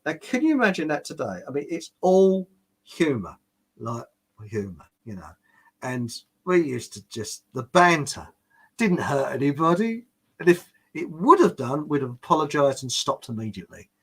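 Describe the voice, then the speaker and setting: A man's voice: fairly high pitch, fairly bright tone, husky. An older man with a British accent talks through a casual livestream and reads viewer comments as he goes. His voice sits a little above the usual male range. He chuckles often and rambles, restarting his sentences. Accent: British English. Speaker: livestream host.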